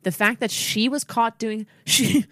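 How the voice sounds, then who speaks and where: A woman's voice: a little high, a little slow, dry recording, studio quality. A young woman co-hosting a casual chat, telling a story with lots of cursing and big dramatic swings. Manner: animated, profane, big dramatic swings when quoting herself.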